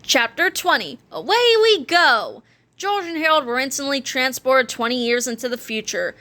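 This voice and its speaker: A woman reading a children's chapter book aloud, with expressive, animated storytelling. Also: high-pitched, normal speed. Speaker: read-aloud narrator.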